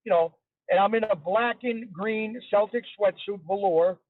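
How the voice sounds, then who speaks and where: A man's voice: high voice, unhurried, no room sound. A man as an interview guest, telling a story in a chatty, casual way and repeating himself for emphasis. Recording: tinny phone-line sound, dry.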